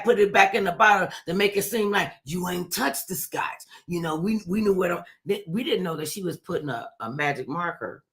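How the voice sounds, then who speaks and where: A man telling a childhood story in a relaxed chat, lively and at times dropping into a hush. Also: high-pitched. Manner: animated storyteller, drops into a hush at times, Southern-tinged vernacular.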